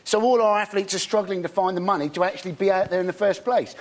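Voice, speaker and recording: A man's voice: sits high, steady tone, fast. A man on a comedy panel show, delivering jokes in a giggly, hesitant way. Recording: noisy TV studio.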